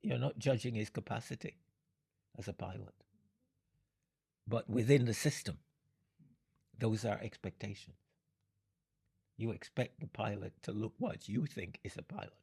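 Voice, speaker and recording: An older man from Jamaica, speaking in an interview, unhurried and fond of analogies, often breaking into laughter. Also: on the low side, vocal fry, a little mellow, husky. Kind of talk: reflective storytelling.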